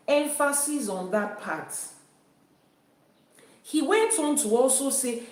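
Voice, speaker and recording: A woman's voice: a little high, sing-song, unhurried, a little mellow. A woman teaching about Ifa spirituality in an emphatic way, repeating her key phrases. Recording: very echoey room, voice from a distance.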